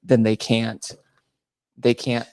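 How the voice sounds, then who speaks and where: A man's voice: mid-range voice, flat delivery, slow pace, darkish tone, no echo, clean studio sound. A man co-hosting a podcast, telling stories in a mocking, laughing way during a casual chat. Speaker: podcast co-host.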